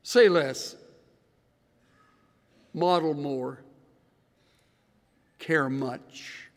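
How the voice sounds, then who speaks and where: A male pastor preaching a sermon in an earnest voice that swings into loud, emphatic bursts. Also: fairly high pitch, drawn-out words. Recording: reverberant hall.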